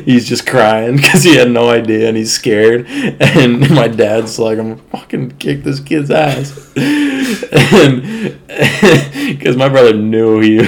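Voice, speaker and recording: A man's voice: medium pitch, gravelly. A man co-hosting a podcast, telling chatty childhood stories and laughing often. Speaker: podcast co-host. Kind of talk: casual chat.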